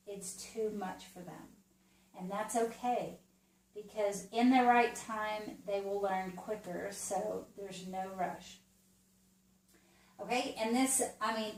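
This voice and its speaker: Slow, patient woman teacher in a roomy space. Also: medium pitch, darkish tone, distant mic, slight background noise. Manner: slow, patient, speaks as if to a small child. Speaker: Montessori teacher. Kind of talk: demonstrating a children's geography lesson. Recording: roomy, from away from the mic.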